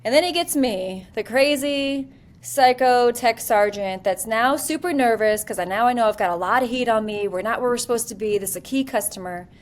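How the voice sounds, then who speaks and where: Animated woman telling a candid story. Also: fairly high pitch, normal speed. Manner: animated, self-deprecating, with many fillers. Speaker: interview guest, military leader.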